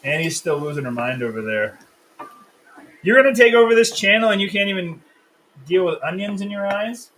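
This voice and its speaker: Man, cook-along host, slightly high voice, jokey and chatty, faint background hiss. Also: animated, moderate pace, fairly bright tone, rough recording. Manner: joking, chatty, explains steps. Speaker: cooking show host. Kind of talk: casual live cook-along chat.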